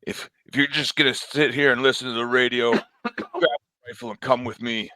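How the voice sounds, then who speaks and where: A man playing a gruff soldier in a tabletop role-play, talking in a casual, bantering way. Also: mid-range voice, fairly even intonation, normal speed, bright, forceful tone, no room sound. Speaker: player.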